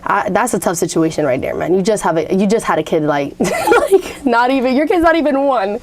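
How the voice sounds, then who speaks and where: A woman's voice: medium pitch, sing-song. A teenage girl hosting a radio show, chatting casually and teasing her co-host with a playful manner. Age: teens. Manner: playful, teasing, quick to laugh. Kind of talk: casual chat.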